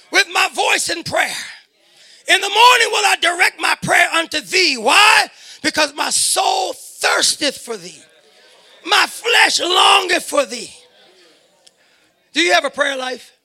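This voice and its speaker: A man preaching a fervent sermon to a congregation in a church, shouting his words and breaking into hallelujahs and amens. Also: extremely high pitch. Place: church sanctuary before a congregation.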